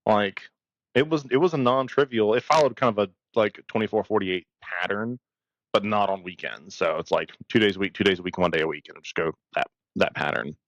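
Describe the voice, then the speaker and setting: A man's voice: on the low side, a little fast, fairly bright tone, dry recording. A man co-hosting a podcast about emergency medicine, speaking bluntly and with firm opinions, now and then swearing. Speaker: podcast co-host. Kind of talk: casual podcast conversation.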